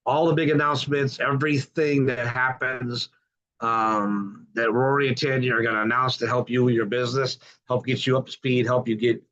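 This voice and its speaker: A man's voice: mid-range voice, little pitch movement, normal speed, fairly bright tone. Folksy middle-aged man hosting a call. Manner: enthusiastic, folksy, repeats welcomes. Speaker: host of a group call podcast. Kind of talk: upbeat welcoming group call. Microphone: computer mic on a video call. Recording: dull lo-fi call audio.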